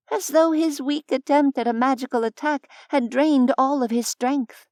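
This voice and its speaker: A woman reading a fantasy audiobook in a measured, expressive narration on a close studio mic. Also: on the high side, no room sound.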